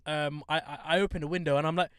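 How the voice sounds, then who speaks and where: Smooth and quick, a young London podcast co-host spins a story in easygoing, energetic conversation, mimicking others with high voices. It's clean studio audio without any room sound.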